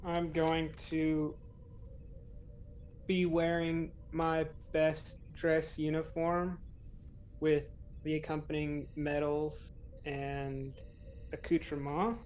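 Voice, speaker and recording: A man's voice: fairly high pitch, little pitch movement, takes it slowly, long pauses, a little mellow, a little hiss or hum, poor audio. A man playing in a tabletop game, casually explaining what his character does. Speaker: player.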